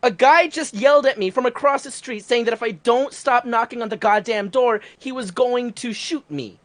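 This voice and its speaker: A woman telling a work story in a casual podcast chat, animated and profane. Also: fairly high pitch, normal speed.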